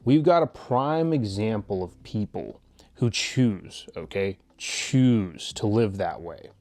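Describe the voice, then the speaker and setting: A man's voice: on the low side, expressive, slow, a little mellow, no echo. A man giving a blunt, profane motivational monologue as a channel host, rambling with frequent restarts.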